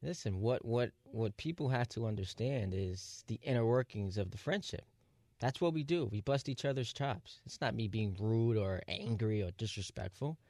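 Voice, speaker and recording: A man's voice: fairly low pitch, moderate pace, a little mellow, no room sound, studio quality. Teasing male radio co-host. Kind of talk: casual sports radio banter. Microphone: studio microphone.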